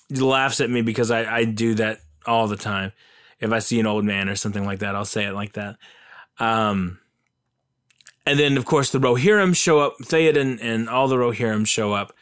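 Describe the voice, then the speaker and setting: Enthusiastic rambling man, smooth voice. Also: mid-range voice, moderate pace, a bit bright. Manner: enthusiastic, rambling with many fillers. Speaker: film commentator. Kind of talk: casual retelling of a film.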